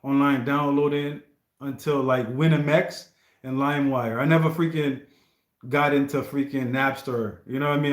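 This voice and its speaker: A man hosting a livestream of song requests, talking in casual slang, stammering and often asking "you know what I mean". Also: medium pitch. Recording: roomy echo.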